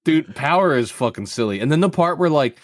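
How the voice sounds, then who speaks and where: A man co-hosting a casual chat, relaxed, swearing and acting out quotes. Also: on the high side, fairly quick, no echo, studio quality. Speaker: podcast co-host.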